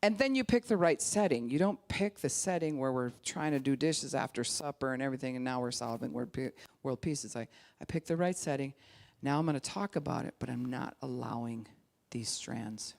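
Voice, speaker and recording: A woman pastor giving a conversational sermon, animated, acting out quoted voices and sometimes dropping to a hushed, calm tone. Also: extremely low pitch, fairly quick, vocal fry.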